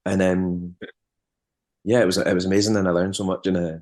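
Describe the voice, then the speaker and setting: A Scottish man with a very low voice spins loose, rambling tales in a relaxed interview. He stumbles and restarts often, and chuckles now and then while he talks. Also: brisk. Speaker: musician and former tour manager. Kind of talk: casual interview storytelling.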